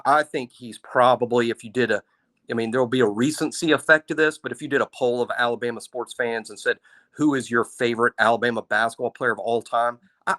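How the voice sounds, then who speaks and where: A man co-hosting a sports podcast, telling his opinions in an animated, casual way. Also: mid-range voice. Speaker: podcast co-host.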